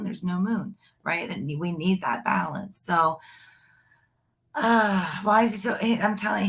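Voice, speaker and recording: A woman with a low voice gives a psychic reading live. She rambles in a chatty, familiar way, looping back over her points. She calls the listener "honey.". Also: a bit bright.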